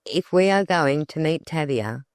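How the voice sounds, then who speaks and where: A cheerful, good-natured young woman in an old-fashioned audiobook tale, read by the narrator. The voice is smooth and clear, recorded close and dry. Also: mid-range voice, animated, measured pace, no room sound, natural voice.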